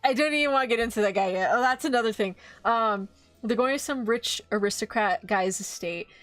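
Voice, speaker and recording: A woman streaming live, casually recapping an anime, animated and swearing freely as she acts out quick quotes. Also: fairly high pitch, no echo. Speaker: VTuber streamer.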